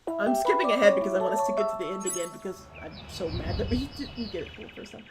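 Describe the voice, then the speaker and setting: A woman's voice: mid-range voice, animated, fast, over loud music. A woman streamer casually commenting on a game she plays, joking and reading game text aloud. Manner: jokey, chatty, reads game text aloud.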